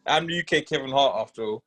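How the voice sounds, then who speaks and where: A young man co-hosting a casual podcast chat, teasing and joking with loud laughs. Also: fairly high pitch, normal speed. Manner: teasing, jokey, laughs loudly. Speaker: podcast co-host.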